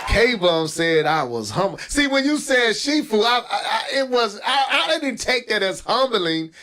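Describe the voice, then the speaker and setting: A man's voice: extremely high pitch, big pitch swings, measured pace, sharp tone, a faint crowd. A man hosting a casual gaming talk show, playful and teasing his co-hosts. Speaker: podcast host.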